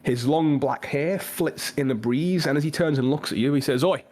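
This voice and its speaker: A man's voice: a little high, normal speed, a little mellow. A man narrating a tabletop game as game master, in a loose, chatty way with frequent fillers.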